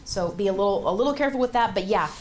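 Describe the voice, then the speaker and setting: A woman speaks very fast and animatedly in a medium-pitched voice, with slight background noise. Running an interview-skills workshop for a class in a large room, she coaches directly and hands-on while demonstrating poses, and the recording is roomy hall sound from far off.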